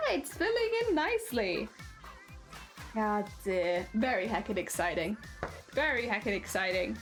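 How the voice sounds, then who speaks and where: A woman's voice: high-pitched, fairly bright tone. A British woman chatting casually on a live stream, playful and giggly as she reads and answers chat. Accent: British English. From Britain.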